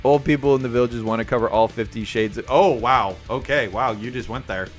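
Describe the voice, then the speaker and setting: Hosting a live stream, a young man tells his viewers a story in a relaxed chat, animatedly voicing the characters himself. His voice is mid-range and fairly quick, backed by soft music.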